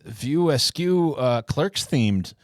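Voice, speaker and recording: A man's voice: medium pitch, animated, slow pace, dry recording. A man co-hosting a podcast in casual chat, answering with dry, teasing comebacks. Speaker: podcast co-host.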